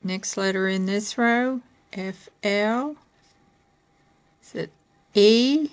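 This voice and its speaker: A woman from Kentucky reading letters off a board one at a time, patiently asking questions and laughing softly now and then. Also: mid-range voice, drawn-out words, clean tone.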